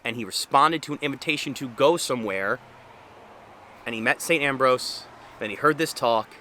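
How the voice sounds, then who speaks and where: A man's voice: mid-range voice, moderate pace, bright, forceful tone, a little hiss or hum. A young man speaking earnestly and conversationally about faith, with frequent fillers. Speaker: Catholic speaker. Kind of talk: casual faith talk to camera.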